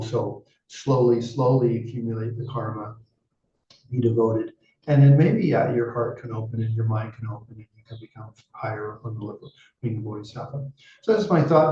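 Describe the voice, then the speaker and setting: A man's voice: medium pitch, darkish tone. A male Buddhist teacher telling a dharma story in a casual, chatty way, full of "you know" asides. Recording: roomy, distant, dull sound.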